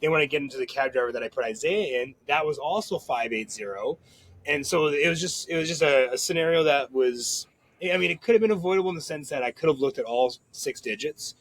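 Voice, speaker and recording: A man hosting a podcast, telling a rambling story in casual chat with quick asides and frequent swearing. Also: a little high, animated, fairly bright tone, low-quality recording. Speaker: podcast host.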